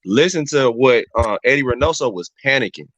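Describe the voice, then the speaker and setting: A man's voice: mid-range voice, animated, brisk, fairly bright tone. A man in casual barbershop chat, breaking down a fight emphatically, repeating his points and talking to everyone as y'all. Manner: emphatic, repeats phrases, addresses the crowd as y'all. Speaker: barbershop regular giving boxing analysis. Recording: dull, slightly muffled, dry sound.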